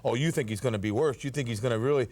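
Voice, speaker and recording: A man's voice: medium pitch, rapid-fire, darkish tone. A man co-hosting wrestling TV with mocking, needling wisecracks. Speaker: wrestling co-host. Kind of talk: sarcastic heel commentary.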